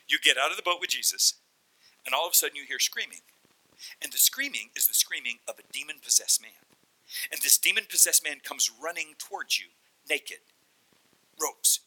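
Male preacher, animated storyteller, wide swinging pitch. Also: normal speed, pauses often, rough recording. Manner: animated storyteller, acts out voices. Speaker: pastor. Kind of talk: sermon.

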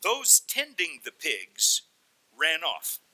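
Male preacher, animated storyteller, wide swinging pitch. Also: slow, low-quality recording. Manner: animated storyteller, acts out voices. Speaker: pastor. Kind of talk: sermon.

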